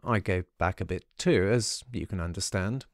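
Low-voiced male audiobook narrator. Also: normal speed, no room sound, studio quality. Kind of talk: scripted first-person ghost story narration.

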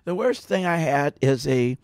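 A man talking in a casual, rambling monologue, telling stories with many restarts and growing louder when aggrieved. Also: a little high, animated, a little slow, dry recording. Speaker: podcast subject telling stories.

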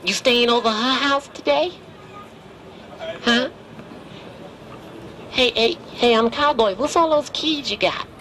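A man's voice: very high-pitched, takes it slowly, long pauses. A man voicing a brash wooden dummy. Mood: teasing. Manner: brash, flirty, wisecracking. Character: cheeky wooden male dummy, streetwise flirt. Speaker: ventriloquist's dummy. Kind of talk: street comedy teasing passersby. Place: busy city street outdoors. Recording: street crowd noise behind.

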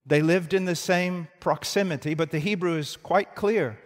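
A man in his sixties preaching a sermon, moving between forceful emphasis and hushed tones and repeating his key phrases. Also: on the high side, normal speed. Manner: dramatic swings from loud emphasis to hushed tones. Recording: long hall reverb.

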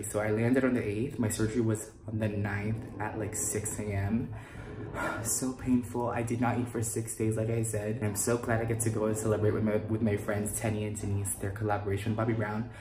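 A man talking casually to the camera for his vlog, chatty and bursting into excited outbursts now and then. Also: mid-range voice. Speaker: vlogger. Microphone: lapel mic. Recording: noisy background ambience.

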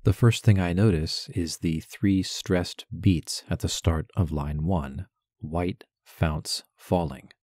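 A man giving a poetry lesson as a voice-over, measured and deliberate, carefully stressing syllables. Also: low voice, mellow, dry recording, studio quality. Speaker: poetry teacher. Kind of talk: instructional narration with poem recitation.

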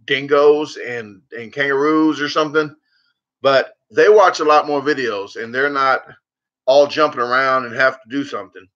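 A man's voice: medium pitch, moderate pace, fairly bright tone, dull audio. A man hosting a casual livestream, rambling and joking, repeating words for laughs. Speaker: livestream host.

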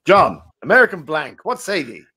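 A man's voice: on the high side, sing-song, moderate pace, sharp tone, slightly rough, exaggerated voice. A man playing a jovial, rambling game-show host who is dead and in heaven, hosting a comic improvised quiz. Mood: chummy. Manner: chummy, rambling, self-mocking banter.

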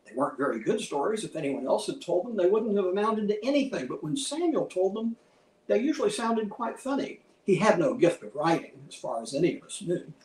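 A man giving a museum lecture in a measured, scholarly way, citing many quotations. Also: sits high, very animated, darkish tone. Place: lecture hall. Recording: roomy hall, from a distance.

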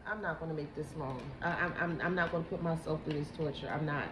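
Halting, emotional woman tarot reader. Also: low voice, fairly even intonation. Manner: halting, emotional, repeats herself. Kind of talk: psychic reading vlog. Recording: echoey room with background noise.

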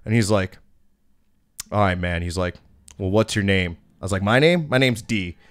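A man's voice: sits low, normal speed, no room sound, clean studio sound. A man in his thirties hosting a podcast, telling a bouncer story in a blunt, profane, casual way.

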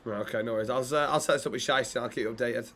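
A man's voice: mid-range voice, fairly even intonation, very fast, a bit bright. A man streaming a roleplay game, chatting casually with other players and thanking viewers. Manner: laid-back, chats with viewers, thanks subscribers. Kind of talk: casual gaming chat and roleplay.

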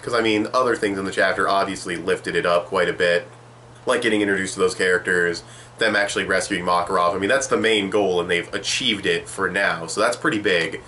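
A man's voice: low-pitched, steady tone, fairly quick, sharp tone, a little hiss or hum. A young man giving a rambling, sarcastic manga chapter review, swearing casually.

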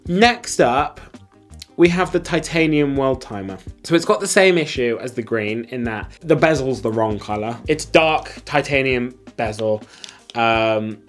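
A man hosting a relaxed watch ranking video. He talks in quick, blunt verdicts, with slang and frequent fillers. His voice sits at an average pitch, and faint music plays underneath. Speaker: host.

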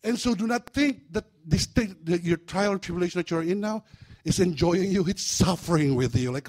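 A man preaching a sermon in a church, animated and humorous, breaking into acted-out voices. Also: sits high, a little fast. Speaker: pastor.

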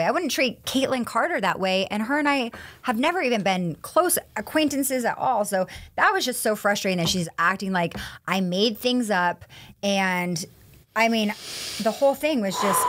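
A woman's voice: mid-range voice, a bit bright. A woman co-hosting a casual podcast, recapping a reality-show episode. She sounds indignant and fired up, and she acts out the lines of the people she quotes. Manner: heated, indignant retelling with quoted dialogue. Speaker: podcast co-host.

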